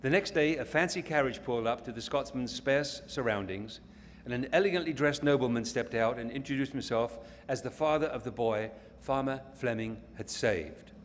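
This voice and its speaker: A man's voice: mid-range voice, normal speed. English guy rambling through a story at a company event, trips over his words a bit, echoey hall, faint hiss. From England. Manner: rambling, with stumbles and restarts. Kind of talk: storytelling speech to an audience.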